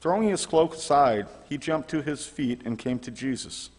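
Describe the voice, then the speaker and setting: A man reading a Bible passage aloud, stumbling over the names as he goes. His mid-pitched voice rings with long church reverb. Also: animated, moderate pace, a little mellow. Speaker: scripture reader. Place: large church sanctuary.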